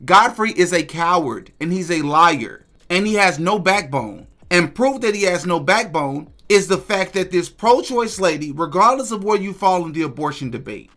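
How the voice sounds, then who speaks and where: Indignant high-voiced man, podcast host. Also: expressive, moderate pace, hardly any pauses, sharp tone. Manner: indignant, emphatic. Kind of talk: opinion commentary.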